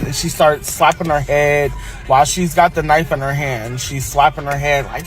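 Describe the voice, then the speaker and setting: A man's voice: fairly high pitch, fairly even intonation, normal speed, faint music behind. A man recounting a frightening workplace story in a hesitant, casual story-time way, full of fillers. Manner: hesitant, filler-heavy retelling.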